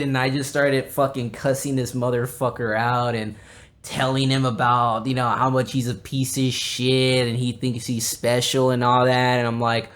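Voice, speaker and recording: Young man, podcast host, casual storytelling, profane, animated, rambling. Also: mid-range voice.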